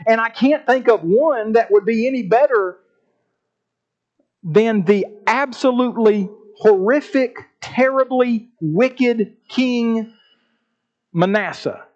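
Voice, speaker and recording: A man preaches a sermon in a high, ringing voice, stretching out key words for emphasis. The recording sounds dull and lo-fi. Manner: preaching with emphatic, drawn-out phrases and repeated words. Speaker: pastor.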